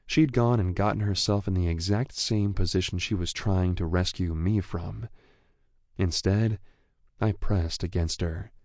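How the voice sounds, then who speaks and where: Deep, gravelly male audiobook narrator. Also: a little mellow, no room sound, clean studio sound. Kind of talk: first-person scripted narration.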